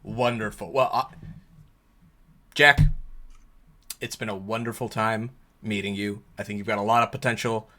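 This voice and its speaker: A man's voice: on the low side, fairly even intonation, moderate pace, pauses often, sharp tone. A man voicing a jovial older male showman who talks heartily and stumbles over his words. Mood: hearty.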